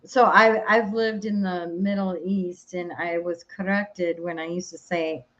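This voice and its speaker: A woman's voice: on the low side, steady tone, measured pace. Minnesotan woman co-host, casual rambling delivery, slightly dull lo-fi sound. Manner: rambling, searches for words, laughs easily. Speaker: podcast co-host. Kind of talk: casual chat.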